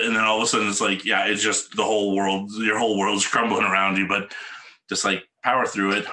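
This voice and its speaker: A man hosts a casual podcast interview, easygoing and rambling, with a ready laugh. His voice is lowish but sharply bright and forward in tone. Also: flat delivery, a little fast. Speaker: podcast host.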